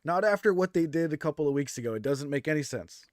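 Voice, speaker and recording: Casting note: a man host with a slightly high voice, easygoing and agreeable, a dry close sound. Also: quick pace, no echo. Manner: relaxed, agreeable, laughs easily. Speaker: podcast host. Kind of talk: casual wrestling review chat.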